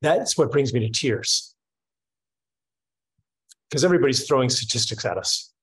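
Husky-voiced man musing in conversation. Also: mid-range voice, expressive, low-quality recording. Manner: thoughtful, halting, many restarts and fillers. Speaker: speaker in a panel conversation. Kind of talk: reflective casual conversation.

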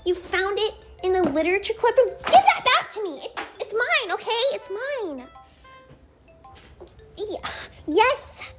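A woman's voice: extremely high pitch, voice pushed up. A woman voicing a bratty, prickly teen girl in an ASMR role-play, snapping defensively and swearing when riled. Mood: annoyed, defensive, then flustered, sheepish.

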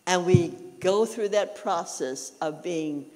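A man's voice: sits high, slow pace. Preaching man in a reverberant church. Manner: animated preaching, acts out quoted prayers. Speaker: pastor. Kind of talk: sermon. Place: church sanctuary. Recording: long hall reverb.

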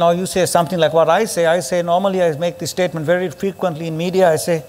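High-voiced preaching man in echoing hall. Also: fairly even intonation, fast talker, few pauses. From Sri Lanka. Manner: emphatic, forceful preaching with sudden rises. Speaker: pastor. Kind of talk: preaching a sermon. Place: church hall. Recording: long reverb of a church hall.

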